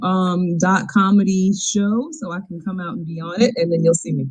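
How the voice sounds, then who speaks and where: A woman's voice: on the low side, normal speed, darkish tone. A woman co-hosting a comedy podcast, making exaggerated, indignant complaints in casual banter.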